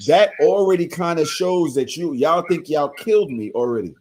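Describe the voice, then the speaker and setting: A man's voice: a little high, lively intonation, normal speed, darkish tone, slight background noise. A man co-hosting a podcast, making his case insistently and telling it as a story. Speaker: podcast co-host. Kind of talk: casual debate.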